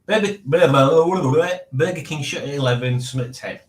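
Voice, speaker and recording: A man's voice: a little high, brisk, reverberant. A man hosting a casual livestream at home, rambling as he reads chat messages aloud. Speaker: livestream host reading chat. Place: at home, indoors.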